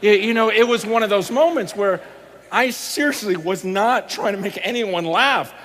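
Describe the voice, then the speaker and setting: A man preaching a sermon, telling stories in an animated, conversational way and quoting other people as he goes. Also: high-pitched, moderate pace. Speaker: pastor. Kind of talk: sermon storytelling.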